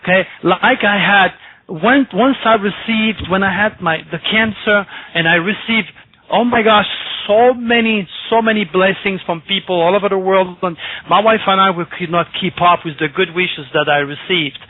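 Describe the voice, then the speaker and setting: High-voiced man on a phone line. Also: normal speed, no echo. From France. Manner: emphatic, repeats words, speaks with intensity. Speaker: astrologer guest. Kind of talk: emotional personal storytelling on a radio interview. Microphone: telephone. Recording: tinny phone line, dry.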